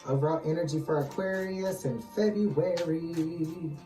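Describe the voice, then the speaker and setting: A tarot channel host leading a reading, calm and steady, repeatedly calling on guides, angels and ancestors. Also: medium pitch, unhurried. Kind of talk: tarot reading, casual chat. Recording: echoey distant mic with music underneath.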